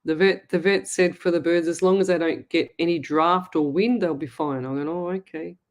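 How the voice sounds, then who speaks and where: A woman's voice: on the low side, fairly even intonation. Chatty Australian woman hosting a live show. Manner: chatty and warm, reads comments aloud, quick asides. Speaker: psychic medium show host. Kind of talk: live-streamed chat reading viewer comments.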